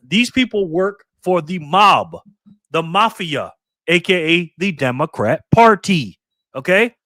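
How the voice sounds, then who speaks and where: A man's voice: sits high, lively intonation, slow, fairly bright tone, dry recording, clean studio sound. Angry ranting man in his fifties. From New York State. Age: 50s. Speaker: livestream host. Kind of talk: live political commentary.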